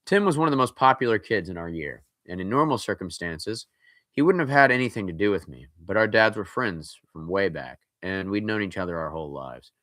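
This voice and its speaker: A man's voice: low-pitched, expressive, brisk, fairly bright tone, no room sound, clean studio sound. A man reading a scary story aloud, breaking in with casual, joking asides.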